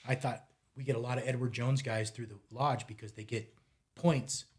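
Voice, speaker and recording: Background noise sits under this mid-range, moderately paced voice. He's a fishing guide in his forties from the US who runs a fly shop, and he's telling a relaxed podcast story, acting out what people said with animation and occasionally muttering.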